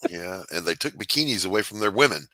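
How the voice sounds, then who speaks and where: A man's voice: deep voice, expressive, fast talker, pushed and bright, dry recording. A man talking bluntly and crudely in a casual stream chat. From New Zealand.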